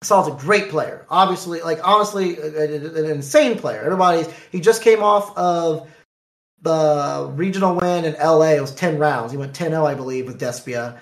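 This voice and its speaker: A man telling a card tournament story in casual talk, animated, acting out the dialogue. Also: on the high side, normal speed. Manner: animated, acts out dialogue in quotes. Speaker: card game player. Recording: echoey room.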